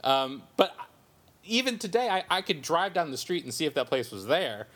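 A man's voice: a little high, expressive, normal speed, fairly bright tone. A man in his forties who grew up in the Southern California desert, co-hosting a podcast and telling a long, self-amused story in casual chat. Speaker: podcast co-host.

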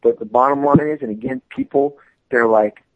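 A man on a podcast as a guest, telling stories about his work in a lively, animated way, full of stammered restarts. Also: medium pitch, normal speed, no echo, phone-quality sound. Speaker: podcast guest, comic artist. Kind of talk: casual storytelling.

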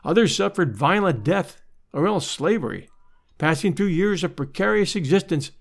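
Male narrator, fairly high voice, lively rise and fall, measured literary storytelling.

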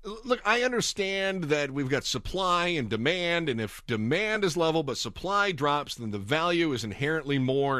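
A man commenting on news clips in a mocking, exasperated way, switching between quiet mumbles and sudden outbursts. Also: on the high side, dry recording, clean studio sound. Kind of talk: sarcastic reaction commentary.

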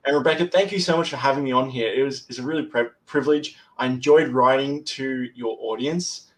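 A man's voice: medium pitch, brisk, low-quality recording. A man appearing as a podcast guest, talking casually and hesitantly with frequent restarts. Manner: hesitant, restarts words often. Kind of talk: casual interview chat.

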